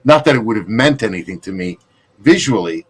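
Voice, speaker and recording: A man hosting a casual chat, telling a gig story in an animated way. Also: on the low side, fairly quick, husky. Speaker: podcast host.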